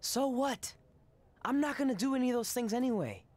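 A man's voice: extremely high pitch, lively intonation, fairly quick, a little mellow. Nerdy worried teen boy, dry jokes, voice jumps around a lot. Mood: glum. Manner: dry and self-deprecating. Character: nerdy anxious teen boy Trey, wrestling fan.

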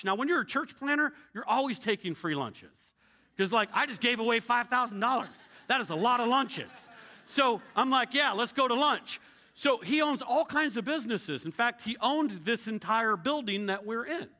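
A middle-aged male pastor telling a story in a sermon, acting out the dialogue with shouts and laughter. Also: sits high, sing-song, moderate pace.

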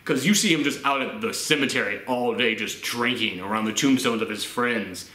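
A man's voice: mid-range voice, normal speed, pushed and bright. A man from the Southern United States giving a casual film review, chatty, with laughing asides and acted-out quotes. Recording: roomy echo.

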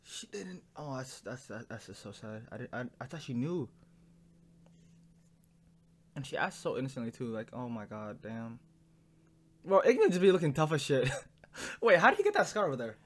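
A young man reacting to an anime episode in casual commentary, emotional and swearing, swinging from low muttering to loud outbursts. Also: wildly swooping pitch, normal speed, pauses often, slight background noise.

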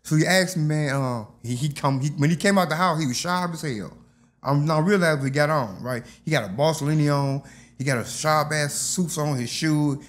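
Man, guest telling a street story in lively voice, slightly high pitch. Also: normal speed. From Detroit, USA. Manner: animated, acts out others' lines. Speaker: interview guest. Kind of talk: casual storytelling.

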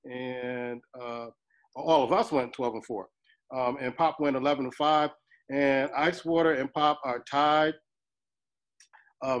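A relaxed man hosts a casual sports talk show. His voice sits in an ordinary middle pitch, and he rambles through standings with easygoing fillers. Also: low-quality recording. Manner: relaxed, filler-heavy, laughs often. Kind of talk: casual sports radio chat.

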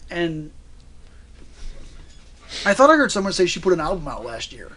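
A man's voice: on the high side, big pitch swings, brisk, long pauses, a bit bright. A man hosting a radio talk show, mocking and joking in sarcastic, profane commentary. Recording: noisy radio studio recording.

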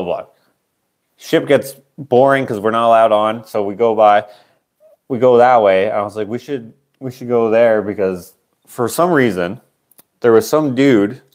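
Miked up for his livestream auction, this late-twenties man from Canada spins a wandering story, interrupting himself and drifting onto side topics in a chatty way. His voice is on the low side, with a darkish tone.

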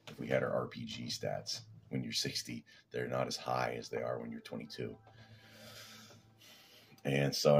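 A man's voice: extremely low pitch, slightly rough. A man from Canada rambling casually as a fitness vlogger, laid-back and swearing now and then.

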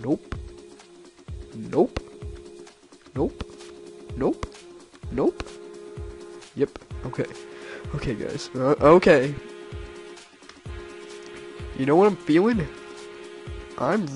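A man giving let's-play commentary, excitable and silly, breaking into shrieking high-pitched yelps whenever he fails. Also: takes it slowly, long pauses, soft background music. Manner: silly self-mocking banter. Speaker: gameplay commentator.

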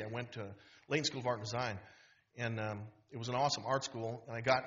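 A man in his fifties from Wisconsin, a guest speaker telling a humorous story with lots of restarts in a university auditorium. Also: mid-range voice. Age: 50s. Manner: animated, humorous, full of restarts. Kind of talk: storytelling talk. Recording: dull auditorium recording.

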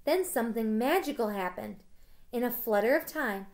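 A woman's voice: a little high, animated, moderate pace. A woman teacher reading a children's book aloud in a casual storytelling way, with small slips.

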